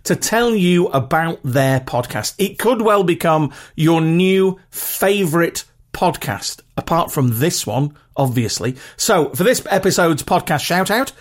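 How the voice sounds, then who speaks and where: Chatty British man, slightly high voice. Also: expressive, measured pace, hardly any pauses. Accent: British regional. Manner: chatty, rambling, self-deprecating. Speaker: podcast host. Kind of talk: casual solo podcast talk.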